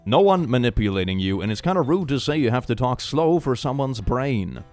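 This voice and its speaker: A man's voice: medium pitch, animated, a little fast, darkish tone, faint music behind. A young man giving sarcastic, comedic commentary while reading chat messages aloud and laughing often. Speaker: online commentator.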